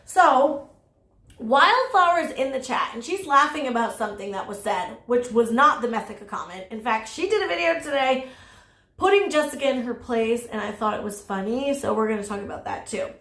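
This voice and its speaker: A woman's voice: fairly high pitch, expressive, normal speed, fairly bright tone, echoey room. A woman giving casual drama commentary, blunt and sassy, swearing freely and laughing at her own jokes. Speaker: commentary YouTuber.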